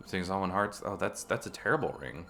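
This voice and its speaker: Gravelly, low-voiced man streaming a game. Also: animated, brisk, sharp tone. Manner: rambling, chatty, with frequent restarts. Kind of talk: casual chat while playing a game. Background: faint game music.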